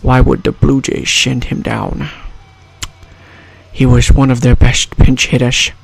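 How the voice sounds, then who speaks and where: A man doing a hushed, indignant film-star impression. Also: medium pitch, flat delivery, slow, creaky, breathy edge, heavily acted. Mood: mock-indignant.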